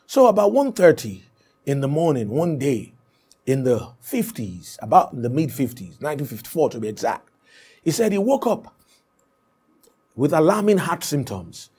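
A man's voice: on the high side, big pitch swings, normal speed, a little mellow, breathy edge. A man preaching a sermon, emphatic and repetitive, often stopping to say "Amen.". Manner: emphatic, repeats points, punctuates with "Amen".

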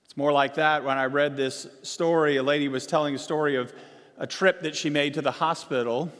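High-voiced pastor preaching in a hall. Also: male voice, fairly even intonation, fairly quick. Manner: rises to emphatic stressed words, then drops low and soft. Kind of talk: sermon. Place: church sanctuary. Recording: long reverb of a church hall.

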